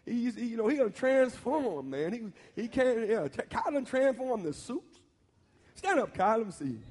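High-voiced preacher in a reverberant church. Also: male voice, slightly rough. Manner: colloquial, animated, teasing the congregation. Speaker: pastor. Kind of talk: sermon. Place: church sanctuary. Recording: long hall reverb.

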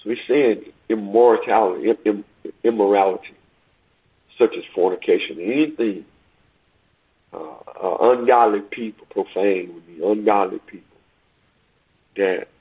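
Husky-voiced man preaching, tinny sound. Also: sits low. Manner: slow emphatic preaching, repeats words, stretches key phrases. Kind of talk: sermon with scripture reading. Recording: tinny phone-like recording.

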